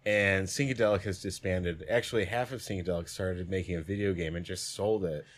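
A man's voice: deep voice, fairly even intonation, a little fast. A man in his twenties, a music producer, telling stories in a loose, rambling podcast chat. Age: 20s. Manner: loose, rambling storytelling full of "like".

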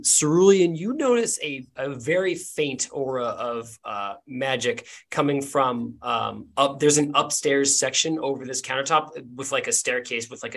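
A man narrating a tabletop game as game master, in a loose, halting way with many fillers. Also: mid-range voice, vocal fry, fairly bright tone.

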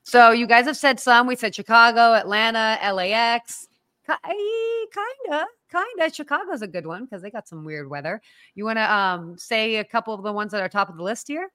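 A woman's voice: fairly high pitch, expressive, normal speed, bright, forceful tone, smooth, no room sound, clean studio sound. A woman co-hosting a hospitality podcast, chatting casually and laughing easily. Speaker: podcast co-host. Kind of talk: casual chat.

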